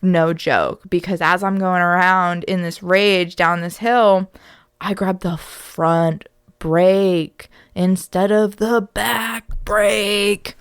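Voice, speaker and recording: A young woman hosting a podcast, telling a candid personal story in a reflective, animated way. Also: on the low side, slow pace, clear, resonant tone, no room sound, studio quality. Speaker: podcast host.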